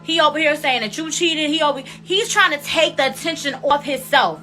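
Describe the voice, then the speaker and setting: A young woman in her late twenties talks through her take in a loose, chatty commentary style, circling back to repeat her points. Her voice sits high and sounds bright and forward. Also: a little fast, faint music behind. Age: 20s. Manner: emphatic, repeats points for effect. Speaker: commentary channel host. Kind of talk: casual reaction commentary.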